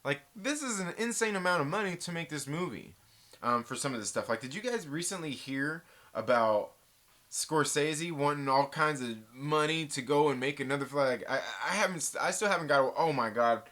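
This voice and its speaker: A man's voice: on the high side, lively intonation, moderate pace, fairly bright tone. A man hosting a casual live movie chat stream, joking around and rambling as he answers viewers in the live chat.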